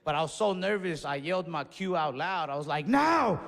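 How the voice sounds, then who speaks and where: A slightly high-voiced man telling a stand-up story, loose and profane, now and then shouting a line. His voice rings out with the long reverb of a big live room, and faint ambience sits behind him. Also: brisk, slight background noise. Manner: animated, with sudden shouted bursts; casual and profane. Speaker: stand-up comedian. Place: stage of a large venue, recorded live.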